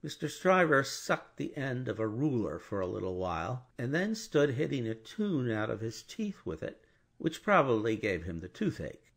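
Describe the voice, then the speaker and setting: A male audiobook narrator reading a classic novel in an expressive, measured way. His voice is husky with a lively, moving pitch and a medium register. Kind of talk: scripted narration.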